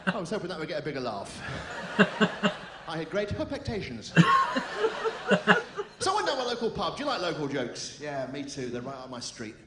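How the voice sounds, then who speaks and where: Comedian firing off deadpan puns. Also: male voice, a little high, reverberant, heavy background noise. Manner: rapid deadpan one-liners and puns. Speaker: stand-up comedian. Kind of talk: stand-up comedy set. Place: theater stage.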